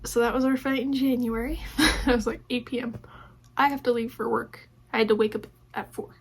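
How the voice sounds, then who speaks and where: Husky, gravelly woman telling her story. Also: fairly high pitch, little pitch movement, fairly quick. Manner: conversational, acts out quoted dialogue with many "like"s. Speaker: vlogger. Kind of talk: casual personal storytelling.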